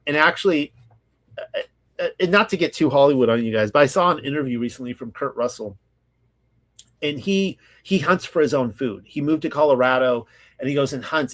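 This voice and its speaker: A man in the middle of his range hosts a scripture study, reading the text out deliberately and then breaking into relaxed, rambling commentary. He grew up in California and talks with plenty of fillers and self-corrections. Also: mid-range voice. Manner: reads slowly, then chats loosely with many fillers. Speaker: Bible study host.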